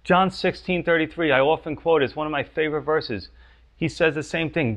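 Man, pastor, conversational sermon, gravelly, slightly high voice, dull lo-fi recording. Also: brisk. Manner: conversational, frequent "you know" and "right?".

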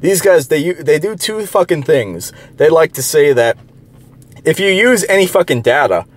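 A man's voice: on the high side, lively intonation, normal speed. A man ranting in a profane monologue, heated and derisive, rambling with many restarts and filler words. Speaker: online commentator.

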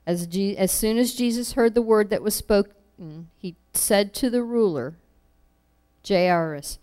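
A woman's voice: mid-range voice, measured pace, mellow. A woman preaching a sermon, earnest and repeating key phrases for emphasis.

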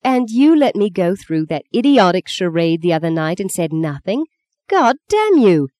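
A reader voicing Justine, a sharp-tongued, quick-tempered young actress, in an audiobook. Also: lively intonation, no room sound, lightly acted. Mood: furious. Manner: high, indignant outbursts. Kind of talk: audiobook character voice.

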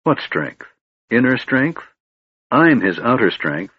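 A man voicing a big, devoted young male warrior who talks earnestly and pleadingly, in a husky voice. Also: mid-range voice, sing-song, takes it slowly, dry recording, highs cut off, pitched above the performer's own voice.

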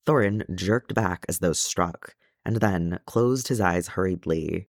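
A man narrating a fan fiction audiobook in a measured, gentle storytelling way. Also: low-pitched, dry recording, studio quality. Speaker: audiobook reader.

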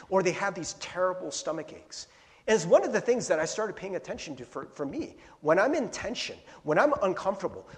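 A male pastor preaching a conversational sermon, animated, asking the congregation questions and acting out the voices he quotes. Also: fairly high pitch. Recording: long reverb of a large hall.

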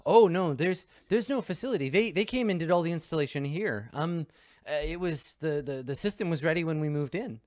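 A man voicing a flustered, nervous middle-aged mother who stammers and rushes to please. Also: a little high, expressive, a little mellow, no room sound, clean studio sound, voice pushed up, lightly acted. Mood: eager. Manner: halting, rattled and overly eager to please.

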